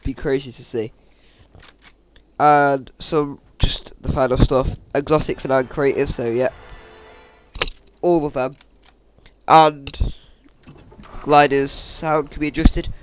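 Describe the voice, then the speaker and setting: A man, chatting casually through game news as a YouTuber, with jokey asides and a fairly monotone delivery. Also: medium pitch, slow, long pauses, slight background noise. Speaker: gaming YouTuber. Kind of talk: casual game-news commentary over gameplay.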